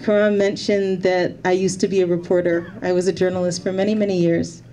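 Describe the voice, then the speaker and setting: A woman's voice: fairly low pitch, little pitch movement, a little fast, dark tone. A Canadian-born woman speaking as a member of parliament, giving a heartfelt, slightly emotional thank-you speech to volunteers at an event. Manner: heartfelt, repeats her thanks, a little emotional.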